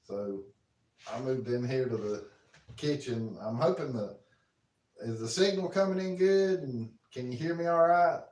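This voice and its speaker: A man's voice: mid-range voice, measured pace, a little mellow. A man, casually chatting on a live stream from his home kitchen, reading out viewer comments in a folksy way. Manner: folksy, reads viewer comments aloud, talks to his dog. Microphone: phone. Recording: roomy, from a distance.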